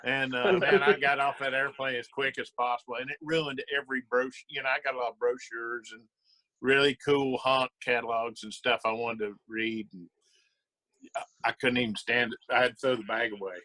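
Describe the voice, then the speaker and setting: A man telling a relaxed, rambling anecdote in a casual round-table chat. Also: mid-range voice, a little fast, dry recording, rough recording.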